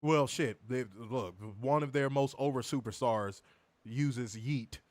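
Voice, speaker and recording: A man's voice: mid-range voice, measured pace, no echo. A man hosting a wrestling review podcast, ranting and mocking in profane comedic commentary, laughing often.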